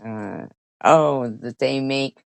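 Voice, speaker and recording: A woman's voice: a bass voice, takes it slowly, vocal fry, dry recording. A woman vlogger casually telling a rambling story, swearing and laughing often.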